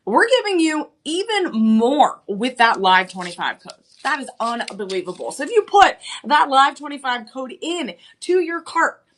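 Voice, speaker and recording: Woman, young adult, TV shopping host, bubbly sales talk, repeats herself, slightly high voice. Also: big pitch swings, normal speed, hardly any pauses, fairly bright tone. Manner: enthusiastic, repetitive, peppered with "again" and restarts. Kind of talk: live TV shopping pitch.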